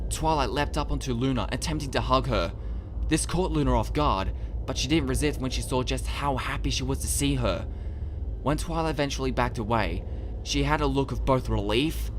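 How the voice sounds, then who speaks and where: Man, narrator, dramatic audiobook reading, medium pitch, measured, expressive. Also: slight background noise. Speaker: narrator and author.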